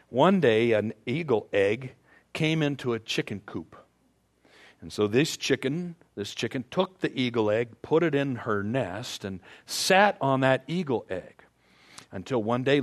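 A man speaks to a group in a loose, rambling motivational talk, stumbling over restarts and drifting into playful asides. He mimics animal noises now and then. His pitch sits in the ordinary middle range. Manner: imitates animal sounds.

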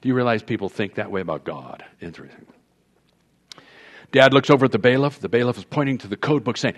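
A man preaching a sermon as a pastor, telling a story and explaining scripture in an animated way. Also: mid-range voice, fast talker. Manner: storytelling, animated with quoted voices.

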